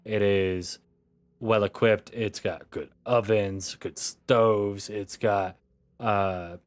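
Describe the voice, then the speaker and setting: A low-voiced man runs a tabletop game and describes the scene at an unhurried pace. His narration is casual and loose, with many fillers and restarts. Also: no room sound. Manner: relaxed, rambling narration with fillers. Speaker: game master.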